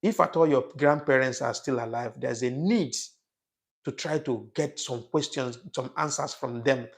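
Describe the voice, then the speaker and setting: Gravelly emotional man on a livestream. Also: mid-range voice, normal speed. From Africa. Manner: emotional, repetitive, restarts phrases. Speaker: livestream host reading viewer comments. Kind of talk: casual livestream talk.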